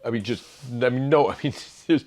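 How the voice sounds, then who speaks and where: A middle-aged man speaking as an interview guest, thoughtful and halting, with many fillers and restarts. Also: medium pitch, a little mellow. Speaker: author guest. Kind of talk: reflective interview conversation.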